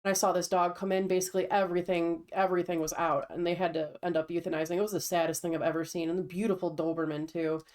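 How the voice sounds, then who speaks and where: A woman's voice: fairly low pitch, level tone, fast, hardly any pauses, darkish tone. A woman chatting casually with a friend on a stream, telling stories in a matter-of-fact way. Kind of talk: casual chat.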